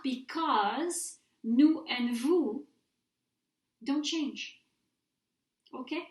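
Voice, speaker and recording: A woman's voice: a little high, slow pace, pauses often. Woman teaching French verbs, echoey room. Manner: patient, clear, models pronunciation for repetition. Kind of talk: recorded mini-lecture.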